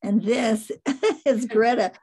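An older woman tells animal stories over a slide show in a casual, animated way. Her voice sits a little high, with a mellow, soft tone. She laughs often and lets sentences trail off. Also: slow, husky. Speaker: animal trainer presenting photos.

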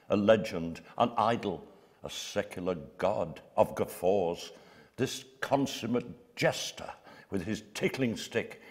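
A man reciting a playful rhyming comic poem on stage at an awards event. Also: lowish voice. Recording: live in a reverberant hall with an audience.

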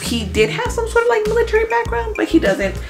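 A woman's voice: very high voice, sing-song, fast talker, creaky, music in the background. A young woman chatting casually to her viewers as she recaps the movies she watched, full of fillers. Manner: chatty, filler-heavy, talks straight to viewers. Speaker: movie review vlogger.

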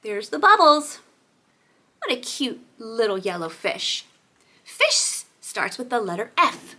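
A woman's voice: on the high side, sing-song, takes it slowly, pauses often, sharp tone. A woman hosting a toddler learning video, cooing and sounding out letters in an exaggerated, sing-song way. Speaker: children's teacher and host.

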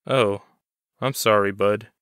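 Easygoing young street guy, protective and a touch nervous, read by a man; low, smooth voice. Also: fairly even intonation, slow, fairly bright tone, no echo, studio quality. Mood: curious.

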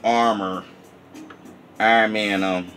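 Easygoing male toy vlogger, very low voice, rambling and sincere, music playing behind. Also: steady tone, slow, a bit bright. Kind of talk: casual toy review vlog.

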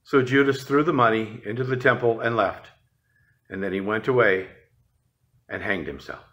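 A man reading a scripture passage aloud in a measured, even way for a prerecorded church service. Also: fairly low pitch, highs cut off. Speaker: scripture reader.

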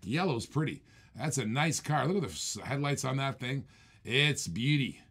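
A man's voice: mid-range voice, lively intonation, moderate pace, a bit bright, breathy edge. A man hosting a live-streamed auction, calling bids in a chatty, joking way and repeating each bid.

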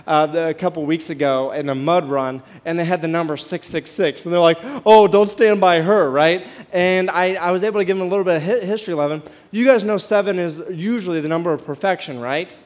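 High-voiced pastor preaching conversationally. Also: male voice, a little mellow. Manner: conversational, asks the congregation questions, many restarts. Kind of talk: sermon. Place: church sanctuary, walking the aisle.

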